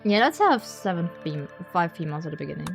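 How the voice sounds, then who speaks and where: A woman streamer chatting casually during a game, talking slowly with lots of repeated words and giggles. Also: on the low side, sing-song, vocal fry, soft background music.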